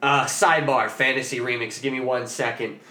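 A man's voice: medium pitch, fairly even intonation, a little fast, pushed and bright. Profane, jokey man in an echoey room. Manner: loose, profane, jokey storytelling with acted quotes. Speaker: podcast host. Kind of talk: casual storytelling chat.

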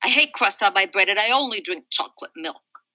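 A woman's voice: medium pitch, expressive, fairly quick, bright, forceful tone, no echo. A woman voicing a fussy, whiny six-year-old boy in a storybook reading, with a put-on tough-guy bluster. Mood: bossy.

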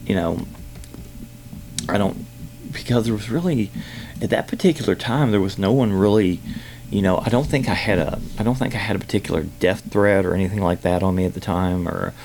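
Man, low gravelly voice, rambling storyteller, faint hum behind. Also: a little mellow. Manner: halting, many fillers and restarts. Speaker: podcast host. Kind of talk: personal storytelling.

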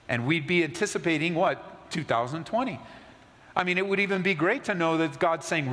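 Male pastor, slightly high voice, conversational sermon that sinks soft for emphasis, reverberant sanctuary. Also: a little fast. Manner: conversational preaching, drops low and soft for emphasis.

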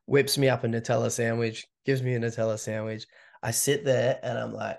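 A man's voice: medium pitch, little pitch movement, brisk, gravelly. A man, a podcast guest telling a candid, swearing story and acting out the quotes. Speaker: podcast guest, ultra runner. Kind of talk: casual storytelling.

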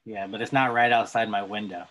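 A man's voice: on the low side, steady tone, fairly quick, a bit bright. Man, podcast host, jokey teasing banter, casual interview. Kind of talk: casual chat.

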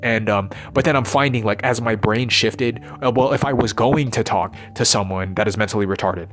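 A man's voice: fairly low pitch, fairly quick, background noise. A man giving a rambling, profane, intense unscripted monologue as a vlogger.

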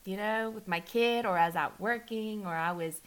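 A woman talking candidly in a casual conversation, restarting often and acting out quoted lines with a lifted voice. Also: normal speed. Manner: animated, acts out quotes with rising pitch, restarts often.

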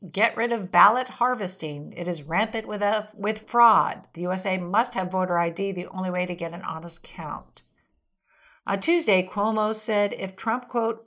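A woman's voice: fairly low pitch, a bit bright. A woman hosting a weekly news show, reading quotes aloud and adding brief asides. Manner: reads quotes aloud, adds occasional asides with fillers. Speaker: podcast host reading weekly political news. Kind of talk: read-aloud news commentary.

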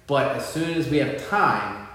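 Man in his thirties, animated storyteller, mid pitch, roomy echo. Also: a little slow, far from the mic. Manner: animated storytelling, mimics voices. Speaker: podcast co-host. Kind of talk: casual chat. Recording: echoey room.

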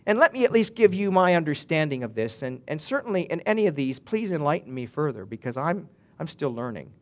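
A man preaching a sermon with a voice pitched a little higher than most men. He speaks earnestly, restarts his phrases often, and builds into emphatic swells as a pastor to his congregation. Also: very animated, a little fast.

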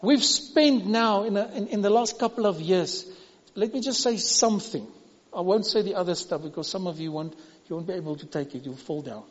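High-voiced South African pastor preaching. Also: male voice, fairly quick, slightly rough, long reverb tail, highs cut off. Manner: emphatic, repetitive preaching with sudden drops to a hush. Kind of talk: sermon.

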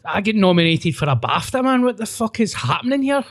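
A man's voice: sits high, sing-song, brisk, no echo. A man co-hosting a podcast in casual chat, sweary, blunt and self-mocking. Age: 30s. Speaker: podcast co-host.

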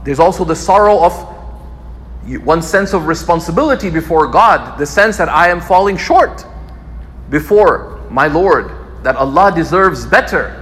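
Expressive male scholar in a reverberant hall. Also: a little high, normal speed. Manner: expressive, repeats key phrases for emphasis. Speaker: Islamic scholar teaching. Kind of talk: lecture sermon.

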